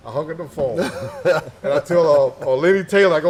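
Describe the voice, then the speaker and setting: A middle-aged man with a folksy, joking way of talking, circling back on his own phrases. He was once an army sniper instructor. His voice sits slightly high for a man. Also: brisk. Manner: folksy, repeats phrases, teasing. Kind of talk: casual interview chat. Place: indoor gun shop event space.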